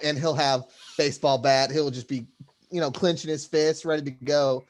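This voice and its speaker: A man's voice: a little high, fairly quick. A young man co-hosting a podcast, easygoing in casual chat, laughing along and saying "like" a lot. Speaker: podcast co-host.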